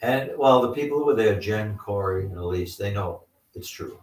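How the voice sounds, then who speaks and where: A man's voice: lowish voice, lively intonation, moderate pace, darkish tone. A man telling a paranormal story in casual chat, rambling and trailing into asides. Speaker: paranormal investigator guest. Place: living room at a live party. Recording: echoey room, mic far off.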